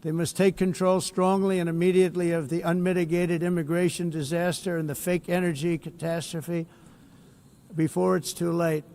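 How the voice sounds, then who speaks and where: A man's voice: on the high side, flat delivery, moderate pace, darkish tone. A man giving a formal speech to an assembly as head of state, blunt and boastful, repeating himself with rambling asides from a podium mic in a large hall.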